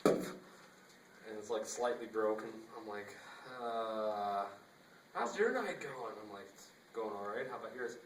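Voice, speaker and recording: A man's voice: fairly low pitch, level tone, measured pace, a little hiss or hum. A young man casually telling a rambling story, acting out the dialogue and laughing often, recorded on a phone. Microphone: phone camera. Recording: echoey phone recording from a distance.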